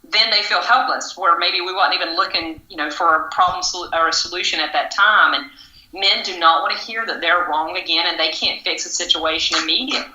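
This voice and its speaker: Bright-toned woman coach in an echoey room. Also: on the low side, muffled recording. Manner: measured, advisory. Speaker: relationship coach. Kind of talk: podcast discussion. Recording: roomy echo.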